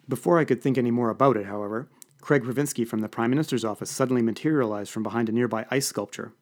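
A man narrating an audiobook in the first person, dry and wry. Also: mid-range voice.

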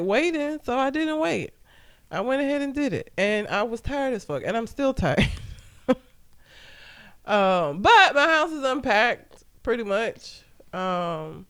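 High, smooth-voiced man telling blunt stories. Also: a bit bright. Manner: blunt, profane storytelling with frequent laughs. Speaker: podcast co-host. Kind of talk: casual chat.

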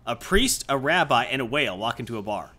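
A man's voice: mid-range voice, big pitch swings, fast talker, sharp tone. A man co-hosting a live-streamed comics and anime show, joking around and telling gags. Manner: jokey, puts on silly voices. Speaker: podcast co-host. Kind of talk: casual comic chat.

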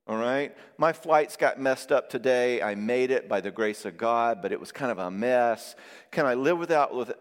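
A man preaching in a big hall, his voice trailing off in a long reverb. He sits at a middling pitch and talks in an animated, conversational way, slipping into little acted voices for the people he quotes. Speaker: pastor and therapist. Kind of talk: sermon.

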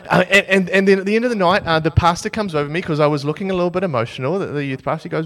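A young man from New Zealand preaching a sermon as a lively, self-mocking story. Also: a little high, fast talker.

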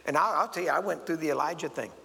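Male preacher, slightly high, gravelly voice, folksy storyteller, church reverb. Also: rapid-fire, bright, forceful tone. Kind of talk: sermon. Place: church sanctuary. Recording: long hall reverb.

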